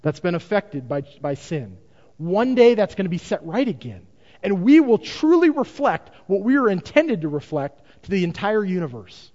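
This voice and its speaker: A pastor preaching a sermon with emphasis and repeated rhetorical questions to the congregation. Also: male voice, high-pitched, very animated, normal speed, warm tone. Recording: dull lo-fi recording in a reverberant hall.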